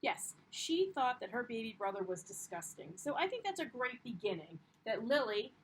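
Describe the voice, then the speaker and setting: A woman's voice: on the high side, sing-song, moderate pace, a little hiss or hum, rough recording. A young woman teaching a primary class, upbeat and encouraging, with frequent ums as she explains the lesson. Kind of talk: classroom read-aloud lesson.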